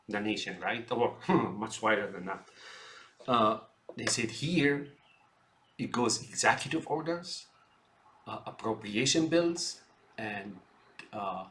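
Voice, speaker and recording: A man's voice: on the low side, a bit bright, slight background noise. A man ranting about politics in a rambling, filler-heavy way, often calling his listeners folks. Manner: acts out quoted politicians in mocking voices. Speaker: political ranter. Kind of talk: unscripted political rant.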